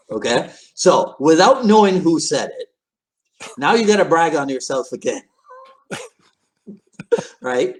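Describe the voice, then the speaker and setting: A male podcast host leads a relaxed conversation with a guest. He talks at an unhurried pace, and his pitch rises and falls in a lively way. He often restarts his sentences and fills the pauses with quick yeahs. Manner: animated, halting restarts, frequent backchannel. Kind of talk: casual interview conversation.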